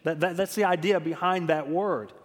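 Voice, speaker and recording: A man's voice: on the high side, moderate pace, long reverb tail. A man preaching a sermon, telling revival stories emphatically and often repeating words as he builds his point.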